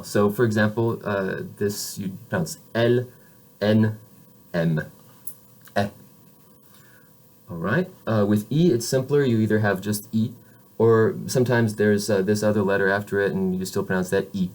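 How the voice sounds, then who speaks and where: Man demonstrating sounds in a lesson. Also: on the low side. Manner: loose and self-correcting, modeling French sounds slowly. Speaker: French teacher. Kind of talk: casual classroom explanation.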